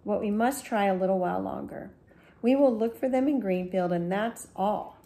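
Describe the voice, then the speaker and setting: A woman's voice: mid-range voice, normal speed, mellow, lightly acted. A woman playing a sour, curt baker's wife. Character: cold, sour baker's wife who dislikes children.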